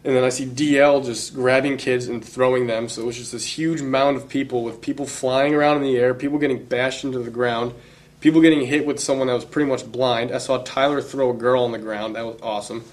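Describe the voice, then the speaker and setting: A man tells a story in a laid-back way, full of "like"s and cursing. His voice stays at a middle pitch. It hardly rises or falls. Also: fairly even intonation, a little fast. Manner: laid-back, profane, hesitant fillers. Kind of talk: casual storytelling.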